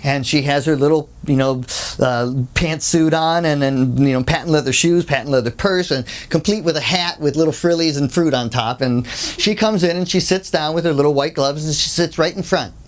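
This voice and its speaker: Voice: mid-range voice, moderate pace. A workshop speaker telling an anecdote in a conversational lecture, full of asides and acted-out voices. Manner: animated storyteller who acts out the people in the story. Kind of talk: storytelling lecture.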